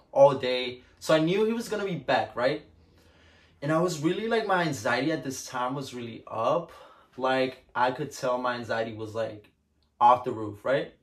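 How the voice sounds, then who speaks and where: A young man casually telling a personal story to the camera, chatty and full of filler words. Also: medium pitch. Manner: chatty, lots of "like" fillers, laughs often.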